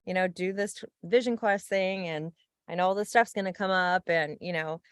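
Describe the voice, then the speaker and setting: A woman speaking in a lowish voice, recorded dry and close with no room around her. She muses reflectively in a casual podcast chat, laughing often as she goes. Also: moderate pace, clean tone, no room sound. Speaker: podcast co-host.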